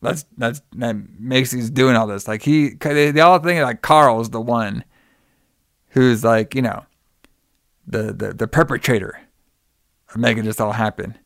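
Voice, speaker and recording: A man's voice: mid-range voice, unhurried, vocal fry, long pauses, no echo, clean studio sound. A young man casually recapping a film's plot, rambling with lots of "like" and "you know.". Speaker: podcast co-host recapping a film. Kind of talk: casual chat.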